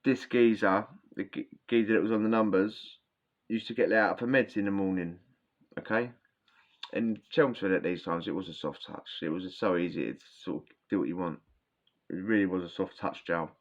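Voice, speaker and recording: A man's voice: low voice, moderate pace. A man telling prison stories in a rambling, slangy way, often restarting his sentences, with a sore throat. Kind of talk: casual storytelling. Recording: dull lo-fi sound.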